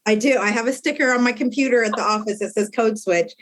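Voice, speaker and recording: Blunt, animated woman telling stories. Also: fairly high pitch, fast talker. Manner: blunt, animated storyteller who acts out quotes. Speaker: guest, formerly incarcerated re-entry activist. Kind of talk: conversational podcast interview.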